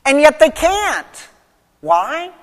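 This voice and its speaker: A preacher giving an expository sermon, stressing points loudly and then dropping quiet. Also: sits high, sing-song, drawn-out words. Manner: emphatic teaching, swinging between loud stresses and quiet drops. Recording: long reverb of a large hall.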